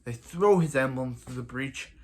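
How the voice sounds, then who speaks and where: Guy rambling thru a tv episode recap, lots of so yeah and restarts, mid-range voice. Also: mid-range voice. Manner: acts out characters' lines in quick asides. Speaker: TV episode reviewer. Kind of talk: casual spoken episode recap.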